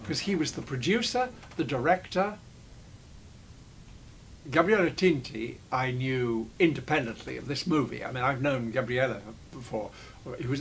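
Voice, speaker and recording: Looking back on old film shoots, an older actor tells digressive stories in an interview, stopping mid-thought and starting over often. The voice is mid-range and creaky, with a little hiss or hum.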